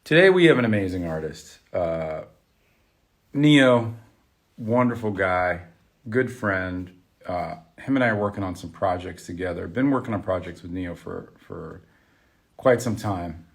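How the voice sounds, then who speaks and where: A man's voice: sits low, expressive, measured pace, creaky. A man hosting an art talk show on a live stream, chatting casually and greeting viewers by name. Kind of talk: casual livestream chat. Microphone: webcam on a live video stream.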